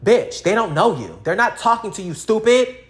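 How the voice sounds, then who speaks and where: A woman's voice: mid-range voice, big pitch swings, moderate pace. A woman ranting casually to camera, blunt and profane, with lots of slang, addressing her viewers directly. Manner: talks straight to viewers, addressing them. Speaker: vlogger.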